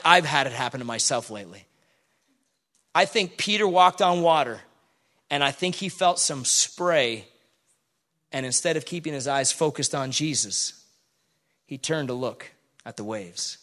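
A man preaching to his church, reading scripture aloud and acting out the people in the story with lively commentary. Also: fairly high pitch. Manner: animated, acts out the people in the Bible story. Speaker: pastor.

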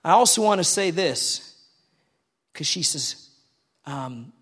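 A man with a high voice delivers a sermon in a church. He talks in a casual, animated way and keeps putting questions to the people listening. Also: slow, slightly rough. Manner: conversational, animated, asks the congregation questions. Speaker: preacher.

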